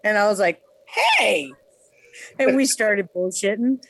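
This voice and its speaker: A woman's voice: medium pitch, fairly quick. A woman from New York, a guest on a talk show, telling casual stories bluntly and swearing freely. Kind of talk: casual storytelling chat.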